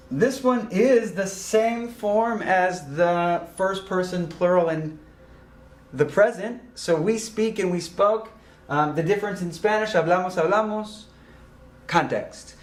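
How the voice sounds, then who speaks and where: A man teaching a recorded grammar lesson, explaining slowly and deliberately with frequent ums and uhs. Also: high voice, reverberant. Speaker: Spanish teacher.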